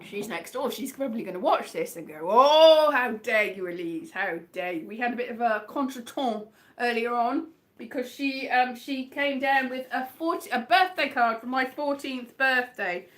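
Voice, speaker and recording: West Country woman comic, livestream chat host, rambling and self-mocking, bright high-ish voice. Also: normal speed. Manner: rambling, self-deprecating, chatty. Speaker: comedian hosting a livestream.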